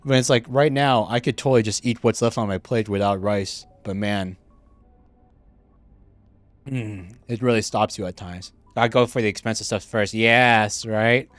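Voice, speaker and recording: A man's voice: lowish voice, normal speed, dry recording, faint music behind. A man streaming a game, chatting casually and rambling with lots of fillers and restarts, sometimes talking while chewing food, into a streaming microphone. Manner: laughs easily, gets excited at game moments.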